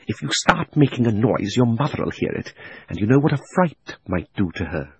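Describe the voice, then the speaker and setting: A man playing a crafty old magician uncle who coaxes and flatters while hiding his greed. He stretches his words slowly, and his pitch climbs and swoops, over a husky audiobook voice. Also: dry recording, full character voice. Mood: hissing threat. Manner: wheedling and sinister, drawn-out words. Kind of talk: audiobook reading.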